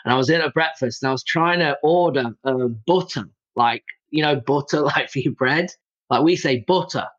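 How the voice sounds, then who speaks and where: A man's voice: a little high, normal speed, a bit bright. A man from England with an English accent, hosting an interview in a chatty, loose way with lots of fillers and restarts. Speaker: podcast host. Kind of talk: casual interview chat. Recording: dull lo-fi audio.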